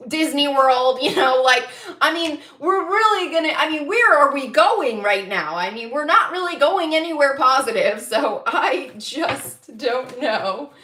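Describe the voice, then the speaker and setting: A woman with a high, bright, sharp voice does a livestreamed tarot reading at an unhurried pace. She vents angrily and swears freely, breaking into laughter, and her voice rings in an echoey room.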